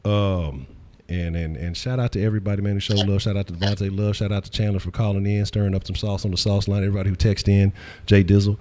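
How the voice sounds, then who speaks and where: A man hosting a casual sports talk stream, loose and profane, full of hyped shout-outs. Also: lowish voice, steady tone, fast, few pauses. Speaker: host.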